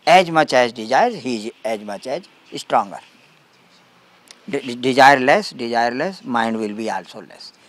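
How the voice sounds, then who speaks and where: Slow, calm spiritual teacher, man. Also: medium pitch. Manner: simple broken English, repeats short phrases; calm, emphatic contrasts. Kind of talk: spiritual talk to a gathering.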